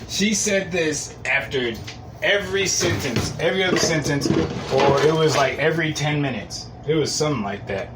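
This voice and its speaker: A man's voice: fairly high pitch, moderate pace, noisy background. A man hosting a podcast, telling rambling, profane stories and laughing at them. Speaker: podcast host. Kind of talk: casual storytelling monologue. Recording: loud hip hop music behind the voice.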